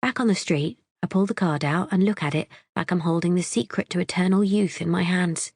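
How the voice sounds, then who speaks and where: A woman's voice: on the low side, a little fast, a little mellow, slightly rough, no room sound, clean studio sound. Wry woman narrating an audiobook. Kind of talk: first-person audiobook narration.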